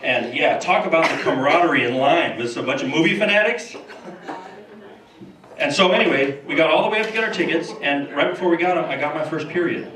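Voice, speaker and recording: A man doing a stand-up comedy set in a club, with a deadpan, halting delivery full of fillers. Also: fairly high pitch. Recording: echoey room from far off, loud crowd noise.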